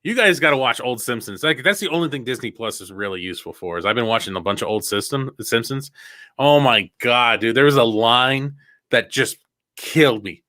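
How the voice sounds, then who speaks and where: Brief: young male co-host, casual stream chat, bright forward tone, dry close mic, laughs and swears a lot. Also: mid-range voice, no echo. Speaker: podcast co-host.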